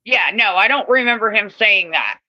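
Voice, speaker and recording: A woman's voice: mid-range voice, expressive, normal speed, dry recording, highs cut off. A woman co-hosting a casual recap chat, hesitant and mostly agreeing. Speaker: podcast co-host.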